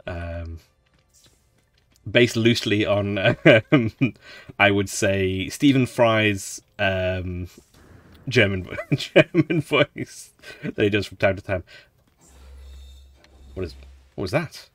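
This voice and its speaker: A man hosting a relaxed let's play, chatting in a rambling way while he explores a game and laughs often. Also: fairly low pitch, slow pace, long pauses, no room sound, faint music behind. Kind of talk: relaxed gameplay commentary.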